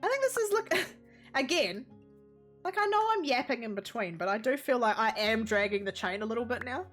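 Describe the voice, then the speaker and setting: A woman with a New Zealand accent chats through a live stream, rambling freely and laughing often. Her voice sits slightly high and is picked up by a desk microphone. Faint game music plays under her talk. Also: animated, brisk, a bit bright. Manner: rambling and chatty, laughs often, talks to chat and her pets. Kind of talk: casual live-stream chatter while playing.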